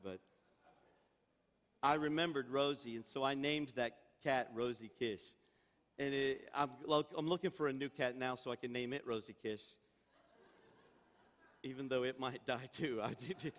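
An older man, the senior pastor, preaches a sermon in a fairly high, somewhat bright voice. His delivery is emphatic and he calls out for amens, with the sound echoing through a reverberant church hall.

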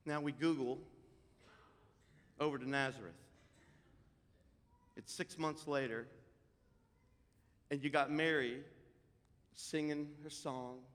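A man preaching a sermon, exhorting emphatically and swinging from loud declarations to hushed asides. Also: medium pitch, steady tone, takes it slowly, pauses often. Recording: long hall reverb.

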